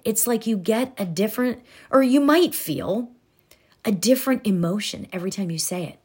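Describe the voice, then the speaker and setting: A woman giving an earnest motivational talk, speaking directly to the listener and dropping to soft, near-whispered tones for affirmations. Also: mid-range voice, husky. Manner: talks directly to the listener with many "right?" tags. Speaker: self-help speaker.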